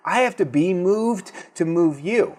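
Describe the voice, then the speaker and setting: A man's voice: high voice, lively intonation, unhurried, darkish tone. A man with a Boston accent, a breathwork teacher being interviewed, talking openly and emotionally in a rambling casual way. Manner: open, emotional, rambling with restarts.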